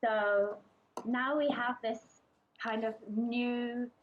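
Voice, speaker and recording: A woman's voice: fairly high pitch, steady tone, very slow. A young woman from England giving a casual, chatty presentation to a group, hesitating often with ums and restarts. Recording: dull lo-fi recording.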